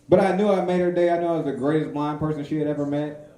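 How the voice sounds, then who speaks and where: A man doing a stand-up set in a comedy club, swaggering and crude, with sudden high-pitched character voices. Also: steady tone, quick pace, warm tone. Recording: echoey club room.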